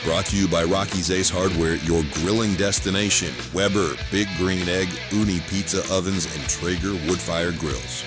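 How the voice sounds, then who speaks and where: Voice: low voice, fairly even intonation, normal speed, hardly any pauses, over loud music. A radio station announcer reading a produced sponsor promo.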